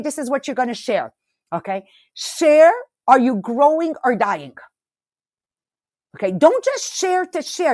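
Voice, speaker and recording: Animated woman hosting a motivational podcast. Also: fairly high pitch, no echo, studio quality. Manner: animated, emotional, addresses listeners directly. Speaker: podcast host. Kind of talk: motivational morning podcast talk.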